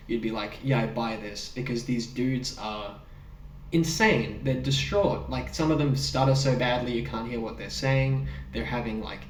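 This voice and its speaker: A man co-hosting a casual film podcast, animated and quick to laugh, swearing now and then. His voice sits at an ordinary pitch for a man. The sound is roomy, with him set back from the microphone. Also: far from the mic, slight background noise. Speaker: podcast co-host. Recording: roomy sound, speaker off the mic.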